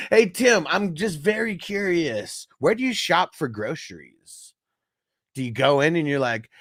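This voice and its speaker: Animated, laughing streamer man, dry sound. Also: on the high side, a little slow, no room sound. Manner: animated, profane, laughs often while reading chat aloud. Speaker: fantasy football show host. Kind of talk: casual livestream sports talk.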